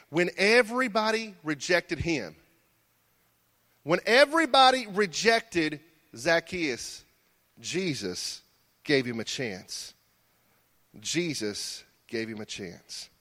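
A man preaching a sermon, telling the story in an animated way and swinging between hushed and loud lines. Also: a little high, takes it slowly, long pauses.

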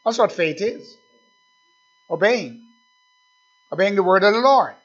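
Male preacher, slow deliberate sermon delivery building to fervent calls, dull low-fi recording. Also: expressive, husky. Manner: preaching with rising, fervent calls and quiet asides.

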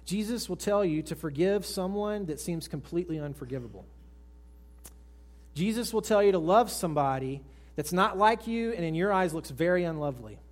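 Higher-voiced man preaching a sermon. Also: animated, moderate pace. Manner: swings from raised emphatic lines to hushed soft ones; asks the congregation direct questions. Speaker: pastor. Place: church service with congregation.

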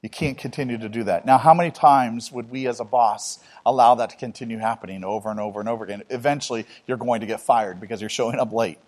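A male preacher delivering a sermon in a plain, mid-pitched voice. He talks to the congregation in an earnest, conversational way and builds his points from everyday stories. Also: fast, few pauses, darkish tone. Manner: conversational, earnest, with personal anecdotes.

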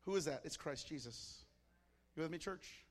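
A man's voice: on the high side, lively intonation, normal speed, in a large hall. A man from Mexico preaching to a church congregation, fervent and telling stories in short, punchy phrases. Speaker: pastor. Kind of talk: sermon. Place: church service.

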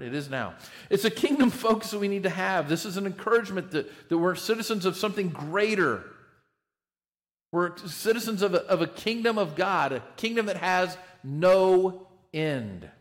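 A man preaching a sermon, conversational and repetitive, often checking in with "right?". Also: high-pitched. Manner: conversational, repeats words, frequent "right?". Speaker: pastor.

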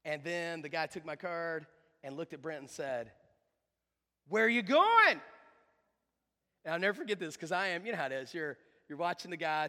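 A pastor delivers a sermon in a bright, cutting voice that sits a bit high for a man. His delivery is fervent and emphatic, pressing into loud, driving runs. The sound carries a long reverb from a large church hall.

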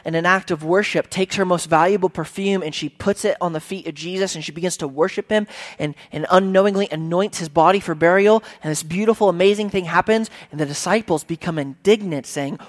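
Male pastor, conversational sermon delivery, emphatic. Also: high-pitched. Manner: conversational, emphatic, acts out quotes.

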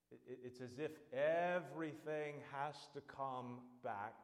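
A man preaching a sermon, earnest and building to loud, emphatic exhortation. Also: mid-range voice, a little slow, few pauses, long reverb tail.

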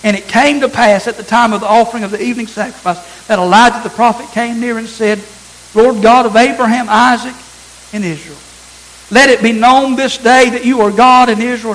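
A man's voice: very high-pitched, steady tone, brisk, a bit bright, low-quality recording. A man preaching a sermon, reading scripture aloud and repeating phrases for emphasis.

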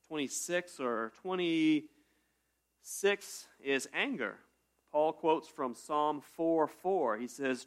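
A man with a fairly high, bright voice preaches a sermon as pastor. He keeps it conversational and poses rhetorical questions.

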